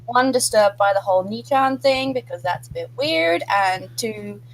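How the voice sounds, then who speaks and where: A woman's voice: mid-range voice, expressive, normal speed, poor audio. A woman playing a tabletop role-playing game, describing her character's actions casually and expressively. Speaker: player.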